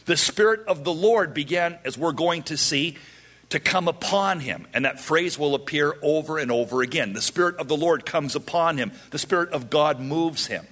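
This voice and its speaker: A man preaching verse by verse, animated and humorous, acting out the people in the story. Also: fairly high pitch, normal speed. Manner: animated, acts out voices of characters with humor. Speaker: pastor. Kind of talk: expository Bible teaching.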